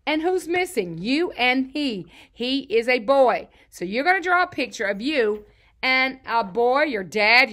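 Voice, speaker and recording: A woman's voice: fairly high pitch, fairly bright tone. A woman teaching phonics to young children, reading a storybook aloud and praising them in an encouraging, sing-song teacher voice. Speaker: kindergarten teacher.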